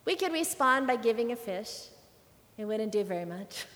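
Woman preacher, earnest storyteller, slightly high, large reverberant hall. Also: animated, normal speed, fairly bright tone. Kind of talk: sermon storytelling.

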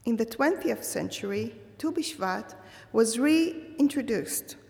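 A woman giving a slow, measured and thoughtful holiday sermon. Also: fairly high pitch, animated, gravelly, a little mellow, big-room sound. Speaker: religious speaker.

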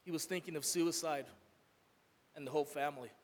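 Earnest male church speaker, slightly high voice, long reverb of a hall. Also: brisk. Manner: earnest, swells loud then drops soft. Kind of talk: emotional sermon testimony.

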